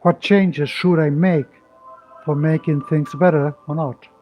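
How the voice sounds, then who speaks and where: Higher-voiced male meditation guide, slow and calming, dull lo-fi sound with music underneath. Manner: slow, soothing, gently instructive. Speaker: meditation teacher. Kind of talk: live-streamed guided meditation. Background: soft meditation music.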